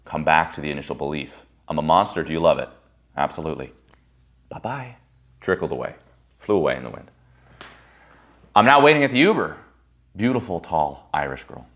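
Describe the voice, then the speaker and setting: A man telling personal stories in a candid monologue. He talks bluntly and swears freely, swinging between loud bursts and quiet musing. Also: very deep voice, sing-song, brisk, pauses often. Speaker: speaker giving a personal-growth monologue.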